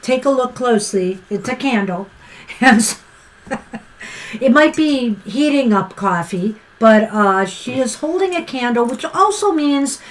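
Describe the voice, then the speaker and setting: High-voiced woman reading tarot. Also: expressive, unhurried, low-quality recording. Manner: warm-hearted, filler-heavy, many "you know"s. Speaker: tarot reader co-host. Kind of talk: casual live-stream tarot reading.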